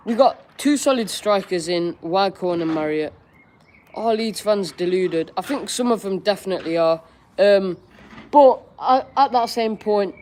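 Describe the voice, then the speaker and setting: A man's voice: high voice, a little mellow, slight background noise. A young man hosting a live-stream Q&A, reading viewers' questions aloud and answering in a chatty, candid way with casual slang. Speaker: football fan streamer.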